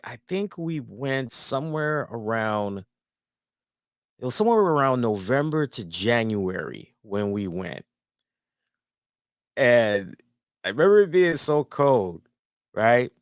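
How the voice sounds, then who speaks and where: Man, show host, casual storytelling, swears freely, lively pitch, dry close sound. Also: no echo. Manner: animated, rambling, swears freely. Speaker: host and columnist.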